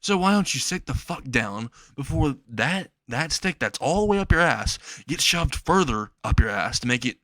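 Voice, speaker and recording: A snarky, foul-mouthed teenage boy who hides a monster nature, voiced in a fan-made spoken story, as a man reads him out. He talks casually and hurls crude insults in a plain, mid-pitched voice. The recording sounds dry and close. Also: lively intonation, moderate pace, few pauses, pushed and bright, no room sound. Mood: insulting.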